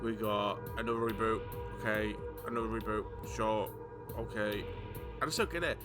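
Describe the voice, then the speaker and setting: A man's voice: lowish voice, steady tone, moderate pace, music in the background. A man ranting casually about horror movies, stammering and swearing, exasperated.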